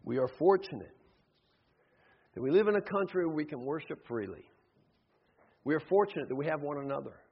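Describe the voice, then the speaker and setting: A man preaching a sermon as pastor, acting out voices in his stories and swinging between loud calls and hushed asides. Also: fairly high pitch, expressive, a little fast, pauses often, husky. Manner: acts out voices in stories, shifts between shouting and hushed tones. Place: church sanctuary. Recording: dull sound, long hall reverb.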